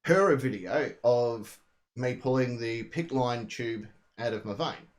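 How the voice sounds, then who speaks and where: An Australian man co-hosting a casual comedy chat, telling animated, rambling stories and swearing freely. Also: medium pitch, a little slow. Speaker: co-host.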